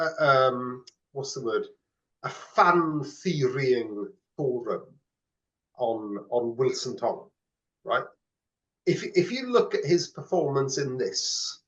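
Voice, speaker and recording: Bloke chatting on a podcast, laughs a lot, trips over words, bit muffled sound. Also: male voice, a little high, a bit bright. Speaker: podcast co-host. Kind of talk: casual chat. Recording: slightly dull lo-fi audio.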